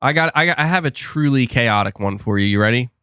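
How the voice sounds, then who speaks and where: A young man hosting a casual gaming podcast, rambling excitably with restarts and laughs as he reads viewer messages. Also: medium pitch, quick pace, smooth, no room sound, studio quality. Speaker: podcast host reading super chats. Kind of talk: casual live-stream chat.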